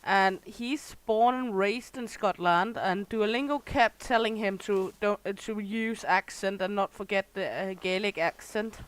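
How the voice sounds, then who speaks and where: A woman's voice: medium pitch, unhurried, few pauses, clean tone. Woman teasing her chat while gaming. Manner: chatty, teasing chat regulars by name while playing. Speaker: streamer. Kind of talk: casual livestream chat with viewers.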